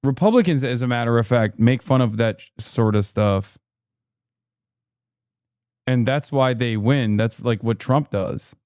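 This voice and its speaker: A man's voice: medium pitch, a little slow, pauses often, a little mellow, clean tone, dry recording, studio quality. A man in his thirties from the United States, a streamer reacting to clips with sardonic, profane asides. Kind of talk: casual reaction commentary.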